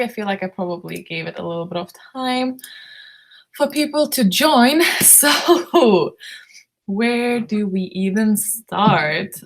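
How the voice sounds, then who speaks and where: A woman from Lithuania with a hoarse, worn-out voice, hosting a book club live stream and chatting through viewer comments in a drowsy, giggly, rambling way. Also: medium pitch. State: hoarse, losing her voice.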